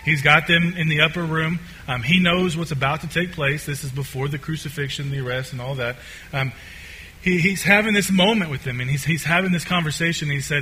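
A man's voice: fairly high pitch, a little fast, pushed and bright, slight background noise, rough recording. A man preaching a sermon in a casual, conversational way, with many fillers and restarts.

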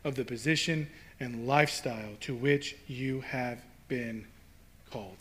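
A man's voice: medium pitch, a little slow. A male pastor preaching a sermon in a conversational, emphatic way, building to rhetorical questions.

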